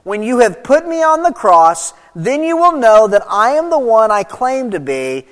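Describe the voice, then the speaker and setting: A man preaching from the pulpit, reading verses and then pressing his point with emphasis. His voice sits high for a man, rising loud and dropping soft. A long reverb trails behind him as in a large hall. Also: very animated, a little slow. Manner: reads scripture aloud, then expounds with emphatic swings of pitch and volume. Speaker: pastor. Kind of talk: sermon.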